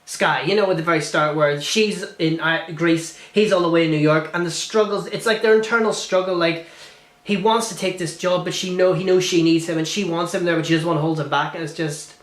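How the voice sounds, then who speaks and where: Man in a film review vlog: gushing, rambling, a bit high-pitched, roomy echoey recording. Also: steady tone, a little fast, a bit bright. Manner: gushing, rambling with many restarts and fillers.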